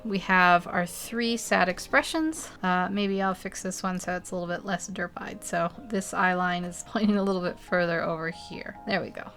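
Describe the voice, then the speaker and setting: A woman's voice: fairly low pitch, flat delivery, a little fast, vocal fry, few pauses, fairly bright tone. A woman hosting a casual drawing tutorial, explaining step by step and laughing often as she talks. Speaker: art tutorial host.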